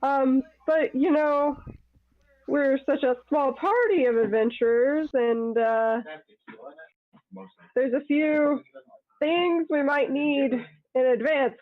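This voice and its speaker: A woman's voice: sits high, no echo, narrow, tinny audio. A woman voicing an eager young female adventurer who fangirls and haggles. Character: gushing young female adventurer, bookish fan.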